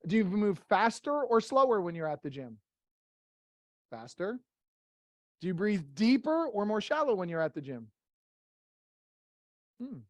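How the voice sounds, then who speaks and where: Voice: medium pitch, no room sound. Speaker quizzing a group with blunt questions. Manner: fires rhetorical questions at the group; plain, blunt, with casual swearing. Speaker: workshop leader. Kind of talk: interactive motivational talk.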